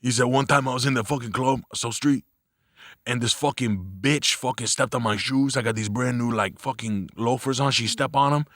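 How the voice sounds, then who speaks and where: A man's voice: mid-range voice, normal speed, a bit bright, no echo, studio quality, lightly acted. A man imitating a hot-headed man, telling a club story in a blunt, profane, boastful way.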